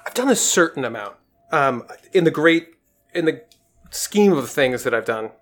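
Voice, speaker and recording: A man, an actor, talking in a casual podcast conversation, thoughtful and halting with frequent restarts. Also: fairly high pitch, lively intonation. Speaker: actor guest.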